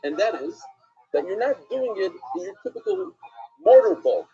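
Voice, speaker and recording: A man teaching a live-streamed Talmud class, asking and answering his own questions in an animated way. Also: sits high, moderate pace, highs cut off, slight background noise.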